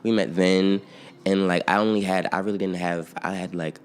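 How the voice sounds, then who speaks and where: A man's voice: low voice, steady tone, normal speed. A young man from the outskirts of Philadelphia, telling stories in a casual interview with a loose, rambling flow, lots of fillers and bursts of laughter. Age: young adult. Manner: laid-back, rambling, many fillers, breaks into laughter. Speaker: interview guest, singer-songwriter and producer. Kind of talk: casual storytelling chat.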